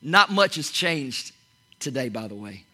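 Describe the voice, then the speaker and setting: A man preaching an animated sermon, swinging from loud exclamations to hushed whispers, often restarting and repeating his words. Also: medium pitch, measured pace, slightly rough. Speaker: pastor. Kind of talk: energetic sermon.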